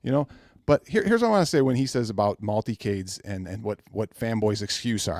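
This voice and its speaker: A man's voice: fairly low pitch, animated, fairly quick, a little mellow, no echo, clean studio sound. A man, a guest on a late-night chat show, ranting in casual talk and mocking others in exaggerated voices.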